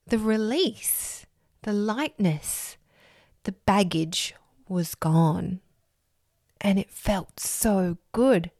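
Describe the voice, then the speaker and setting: Woman in her 30s slowly talking through a personal story, earnest, little laughs, dry close sound. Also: mid-range voice, a little mellow, no echo. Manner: earnest, reflective, laughs between thoughts. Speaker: podcast host.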